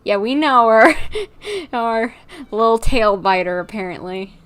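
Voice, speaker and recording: A woman's voice: a little high, expressive, a little slow, a bit bright. A young woman streaming a video game, gushing and giggling over the characters. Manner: giggly, gushing fan chatter. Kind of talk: live game commentary.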